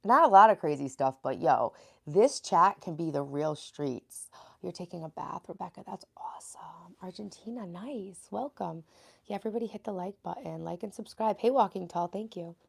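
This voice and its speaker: A freshly woken woman in her late thirties from New York talks casually to her live-stream viewers from her bedroom. Her voice is raspy and gravelly, sitting a little low, and she reads out and greets viewers from the chat. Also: animated, normal speed. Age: 30s. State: sleepy, just woke up.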